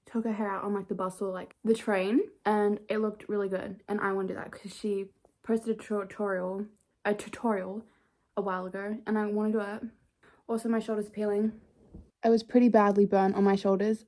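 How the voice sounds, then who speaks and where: A young woman talks through her night routine at home, chatty and playful. She pokes fun at herself, and her pitch sits in an ordinary middle range. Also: little pitch movement, normal speed, dark tone. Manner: chatty, playful, self-mocking. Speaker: vlogger. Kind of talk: casual vlog narration. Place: bedroom at home.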